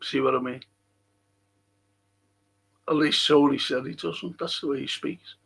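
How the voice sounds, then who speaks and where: A man's voice: fairly high pitch, fairly even intonation, a little slow, creaky, fairly bright tone, slightly rough. A man with a Scouse accent from Liverpool, hosting a casual film review chat, rambling and swearing often. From Liverpool, England. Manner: rambling, chatty, swears a lot. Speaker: host.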